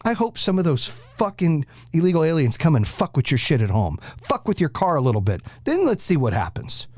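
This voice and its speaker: A man's voice: on the high side, wildly swooping pitch, fairly quick, no room sound. A man hosting a podcast, delivering a blunt, aggressive monologue full of swearing. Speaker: podcast host. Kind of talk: profane ranting monologue.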